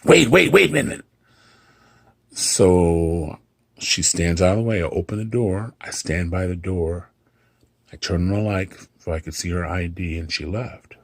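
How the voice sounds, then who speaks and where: A man's voice: sits low, steady tone, unhurried, a little mellow, no room sound. A middle-aged man, a hotel front desk clerk, casually telling a story and acting out the dialogue with dry humor.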